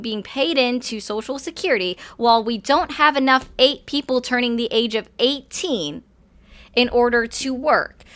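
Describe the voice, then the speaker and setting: Woman streamer arguing politics, pushy and lecturing, bright sharp voice, kinda high. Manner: insistent, lecturing, interrupting. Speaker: livestream political commentator. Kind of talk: heated call-in argument.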